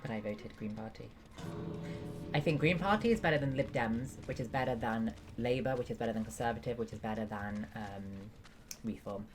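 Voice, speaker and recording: With music playing behind her, a woman reads chat aloud and jokes with viewers while she streams a game. She speaks at a normal pace in a deep, bass-range voice.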